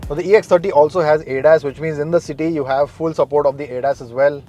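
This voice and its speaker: A young man presenting a car review in a measured, matter-of-fact way. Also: a little high, fairly even intonation, dark tone, faint music behind.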